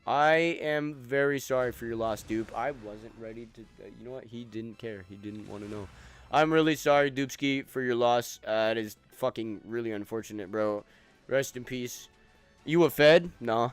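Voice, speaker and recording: A man's voice: medium pitch, normal speed, faint music behind. A young man streaming a game, chatting loosely with friends and chat in profane, rambling banter. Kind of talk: casual gaming stream chat.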